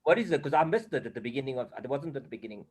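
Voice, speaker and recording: Lively man asking eager questions. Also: mid-range voice, very fast, slight background noise, low-quality recording. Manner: asks questions eagerly, rising and falling. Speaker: study group member. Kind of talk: casual study group discussion.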